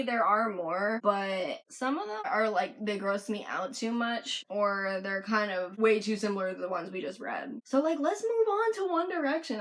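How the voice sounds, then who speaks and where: Giggly young woman with lively pitch. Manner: giggly, reads with playful put-on voices. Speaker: co-host reading fan fiction. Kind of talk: casual chat and reading aloud.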